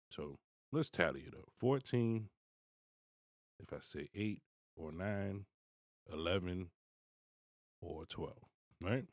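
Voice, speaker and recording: A man giving blunt, profane commentary, swinging from low muttering to loud, high-pitched outbursts. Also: animated, slow pace, pauses often, no room sound, clean studio sound. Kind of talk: ranting commentary.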